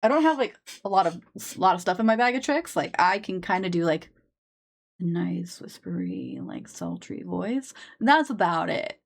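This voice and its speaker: A woman's voice: mid-range voice, lively intonation, normal speed, gravelly. A woman chatting casually on a live stream into a sensitive desk microphone, rambling with lots of fillers and restarts.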